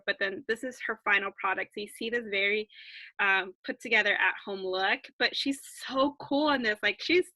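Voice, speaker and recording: A woman's voice: mid-range voice, bright, forceful tone, no echo, low-quality recording. A woman co-hosting a podcast, chatting casually and eagerly with lots of fillers. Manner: enthusiastic, many fillers. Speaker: podcast co-host. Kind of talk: casual chat.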